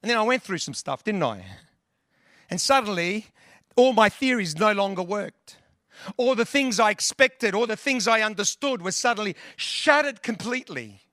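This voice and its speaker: A man's voice: sits high, animated, moderate pace, a bit bright, dry recording. Man, preacher, sermon, earnest, conversational, dry close sound. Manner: earnest, conversational, with long lists and restarts.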